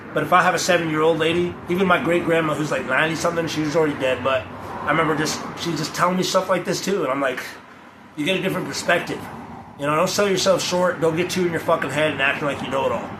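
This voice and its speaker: A young man giving a blunt, profane, off-the-cuff rant to camera, often mocking others by putting on their voices. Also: a little high. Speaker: vlogger. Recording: echoey, with loud ambient noise.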